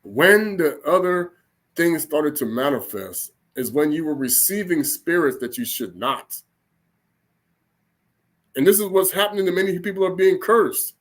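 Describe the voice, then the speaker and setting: A man with a somewhat high voice preaches informally. He talks in a loose, colloquial way, often restarting sentences and checking in with his listeners. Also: lively intonation, unhurried. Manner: rambling, colloquial, frequent restarts and "okay?" checks. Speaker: religious teacher. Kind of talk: informal spoken sermon.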